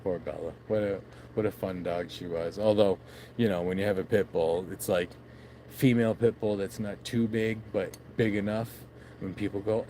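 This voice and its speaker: A man's voice: lowish voice, steady tone, moderate pace, warm tone, a little hiss or hum. A man vlogging by his backyard shed late at night into his phone, rambling casually, swearing and laughing at himself.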